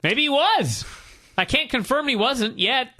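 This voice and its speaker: Male podcast co-host, excitable storyteller, bright tone, very lively delivery. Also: very high voice, unhurried. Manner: animated storyteller, acts out quotes loudly. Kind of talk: excited comedic recap.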